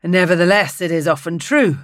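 Old man from the north, grave, slow, steady, dry close recording, read by a narrator. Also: high voice, no echo. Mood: solemn.

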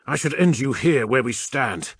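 A hard-bitten warrior captain with a gruff, growling voice, as a man reads him. He talks forcefully, raising his voice above the narrator's low tone, in a dry audiobook recording. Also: lively intonation, moderate pace, no echo. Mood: angry. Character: grim, angry male warrior captain.

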